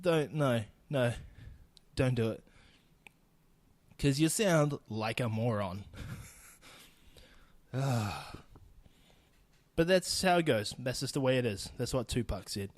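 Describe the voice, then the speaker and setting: A man's voice: medium pitch, lively intonation, unhurried, long pauses, dry recording. A young man with a New Zealand accent ranting bluntly and swearing freely on his solo podcast. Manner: blunt, sweary, laughing asides. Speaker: podcast host. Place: home recording in Austin.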